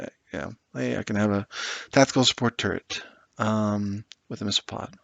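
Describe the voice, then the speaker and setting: This lo-fi recording without echo captures a man's low, gravelly voice as he puts together a tabletop wargame army list. He rambles with sarcasm and exasperation, swearing occasionally in his casual commentary.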